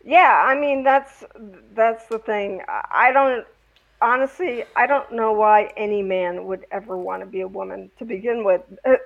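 A woman in casual conversation, agreeing and speaking in a halting way. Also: mid-range voice, gravelly. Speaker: conversation partner. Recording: dull, lo-fi sound.

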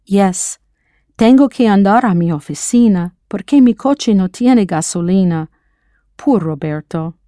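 Leading a scripted audio lesson, a patient American language teacher encourages the listener to reply to her prompts. She sounds animated yet a little slow, with a mellow voice at a middle pitch. The recording is dry and close, free of echo.

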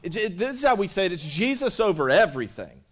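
A man's voice: high voice, big pitch swings, fast, a bit bright. Chatty pastor preaching to his church. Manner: conversational, repeats himself, calls out to the congregation. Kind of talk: sermon. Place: church sanctuary.

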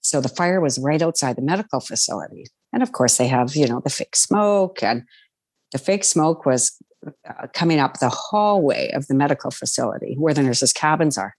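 An animated storyteller recalling life on cruise ships in a relaxed conversation. They laugh often and slip into quoted voices. The recording is dry and close. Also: medium pitch, no echo. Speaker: guest, former cruise ship crew member. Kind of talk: casual storytelling chat.

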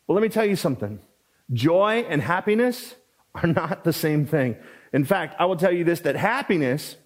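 A pastor delivers a sermon in a relaxed, conversational manner, with a somewhat higher male voice. He repeats key phrases for emphasis and drifts into quick asides before returning to his point.

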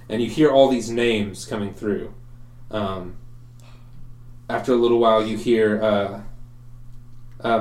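Easygoing man narrating as game master. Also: fairly low pitch. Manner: relaxed, halting, many fillers. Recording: roomy echo.

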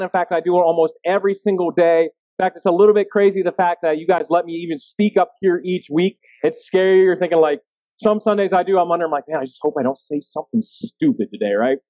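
A pastor in his thirties preaches in a casual, conversational, self-deprecating way, often checking in with the room by asking "right?" His voice sits high and moves a little fast, with no room sound; the recording is dry, narrow and phone-like.

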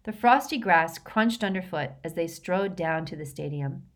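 Woman reading a storybook, lowish voice. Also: animated, moderate pace. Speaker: audiobook reader. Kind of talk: storybook narration.

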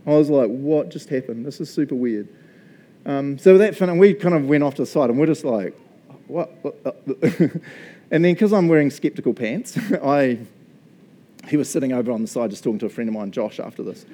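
Middle-aged New Zealand pastor, warm low tone, chatty self-mocking sermon storyteller. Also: male voice, fairly quick.

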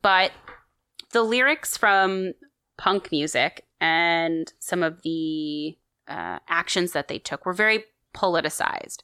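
A woman's voice: fairly low pitch, animated, slow, pushed and bright, clear, resonant tone, dry recording, studio quality. A woman co-hosting a podcast, chatting enthusiastically as she tells a story with lots of fillers. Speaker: podcast co-host telling a story. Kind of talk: casual storytelling chat.

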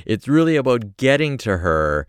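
A man's voice: medium pitch, big pitch swings, moderate pace, clear, resonant tone, dry recording, studio quality. A man hosting a podcast, chatting casually with jokes and loose profanity. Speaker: podcast host.

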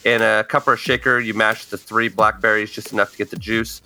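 A man's voice: fairly low pitch, level tone, fairly quick, pushed and bright, soft background music. A man hosting a casual book club podcast, speaking hesitantly with many fillers. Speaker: podcast host. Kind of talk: casual chat.

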